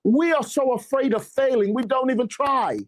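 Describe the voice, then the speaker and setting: His pitch is very high and his pace moderate as the apostle gives a rousing, preacher-style talk on money and faith. Sarcastic asides punctuate the motivational message from this church leader.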